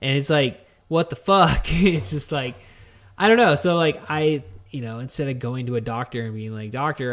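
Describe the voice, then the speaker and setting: Rambling, foul-mouthed male podcast host. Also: medium pitch. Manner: rambling, profane, heavy on fillers and restarts; candid and introspective. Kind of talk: solo podcast storytelling.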